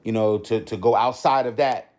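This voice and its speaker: A man's voice: on the low side, steady tone, normal speed, a little mellow. A middle-aged man hosting a podcast, talking off the cuff in a rambling way, with many restarts and constant "you know" fillers. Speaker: podcast host. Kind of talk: unscripted podcast monologue.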